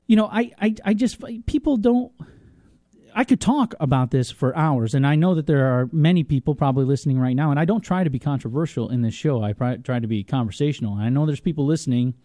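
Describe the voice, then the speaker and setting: A man's voice: mid-range voice, animated, quick pace, warm tone, dry recording, studio quality. A man hosting a talk radio show, speaking passionately off the cuff and stumbling over repeated words as he argues his point. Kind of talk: opinionated talk radio monologue.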